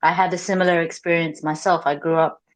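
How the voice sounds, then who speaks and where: A woman with a London English accent speaks in a low voice. She talks as a guest caller in an audio chat room. Her thoughts come out in halting pieces, with restarts and fillers. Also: flat delivery. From London, England. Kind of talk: casual chat.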